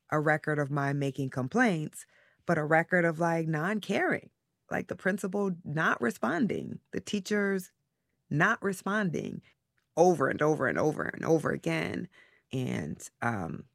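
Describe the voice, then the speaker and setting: A woman being interviewed as a parent, talking candidly and haltingly, often trailing off as she searches her feelings. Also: low voice, creaky, no room sound, studio quality.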